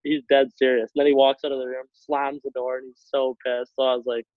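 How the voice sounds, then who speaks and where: A man's voice: medium pitch, a little fast, no echo. A young Canadian man, a hockey player, telling stories casually on a podcast call, laughing often as he goes. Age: young adult. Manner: laughs often while telling stories, relaxed, filler-heavy. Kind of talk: casual storytelling. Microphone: call over internet. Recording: tinny phone-like line, dry.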